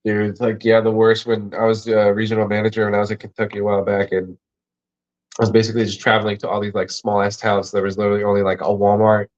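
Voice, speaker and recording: A man's voice: on the low side, completely flat delivery, quick pace. A man talking casually on a podcast as a guest, telling laid-back stories full of swearing. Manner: laid-back, profane storytelling. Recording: dull lo-fi mic.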